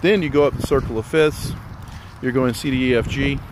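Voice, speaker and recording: A man talks through a music theory lesson in a relaxed, step-by-step way, a little out of breath, his voice at an ordinary middle pitch. He is recorded outdoors, with loud wind and the rumble of vehicles behind him. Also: a little fast. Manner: explains step by step, rambling and relaxed. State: slightly out of breath. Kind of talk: casual spoken theory lesson.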